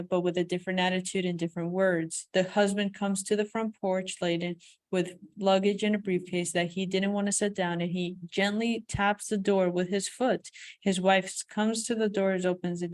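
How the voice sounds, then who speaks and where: A woman reading a self-help book aloud. She reads with lively emphasis and breaks off into chatty comments of her own. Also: mid-range voice. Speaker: audiobook reader.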